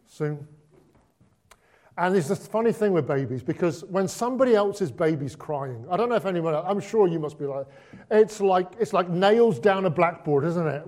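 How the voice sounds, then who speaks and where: A man giving a conversational Christmas sermon, moving between hushed and excited delivery with lots of repetition. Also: sits high. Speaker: preacher.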